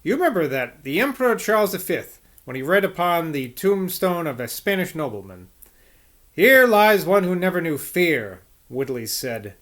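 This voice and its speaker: A man reading the lines of a blunt, forceful old male scholar in an audiobook, with emphatic, sardonic delivery. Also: sits high, big pitch swings, normal speed. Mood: dry.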